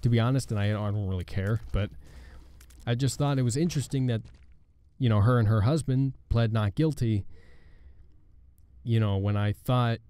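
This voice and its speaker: A man hosting a gaming channel, chatting casually and rambling with halting, sarcastic asides over gameplay. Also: medium pitch, warm tone, clear, resonant tone.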